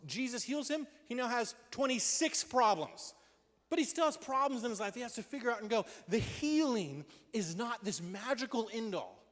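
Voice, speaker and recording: A man gives a lively, conversational youth sermon in a church, his voice sitting fairly high for a man. The big hall carries a long reverb behind every phrase. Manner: energetic and conversational, acting out quotes in voices. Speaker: youth pastor.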